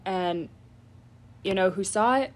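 A woman co-hosting a podcast, chatting casually at an ordinary pitch. She rambles through stories and breaks into laughter often. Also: slow pace. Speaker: podcast co-host. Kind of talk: casual chat.

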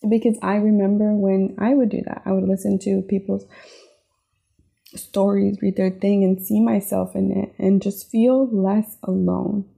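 Warm, gravelly-voiced woman podcaster. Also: mid-range voice, little pitch movement, measured pace. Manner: earnest, heartfelt, frequent "right?" and "like". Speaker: podcast host. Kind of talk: reflective personal podcast monologue.

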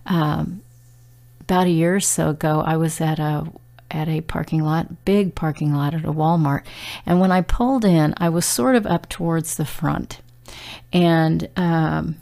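A middle-aged woman talks through a casual devotional message in a low, gravelly voice. She sounds earnest and conversational, pausing on fillers and restarting her sentences as she goes. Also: warm tone. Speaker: devotional speaker.

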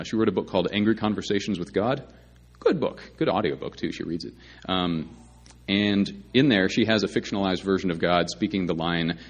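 A man preaching a conversational sermon as pastor, with a playful, sarcastic streak and frequent ums. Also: low voice.

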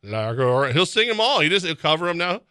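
A man hosting a sports radio show, excitable and rambling, often laughing as he talks. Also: on the high side, quick pace, clean tone, dry recording, studio quality. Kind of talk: casual sports radio banter. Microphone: studio microphone.

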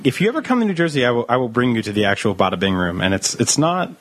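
A man co-hosting a comedy podcast, sarcastic and quick with jokes in loose casual banter. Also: mid-range voice. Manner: sarcastic, animated. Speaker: podcast co-host.

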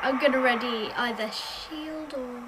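A woman's voice: sits high, measured pace, noisy background. A woman playing a tabletop game, chatting casually in brief, clipped remarks. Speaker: player.

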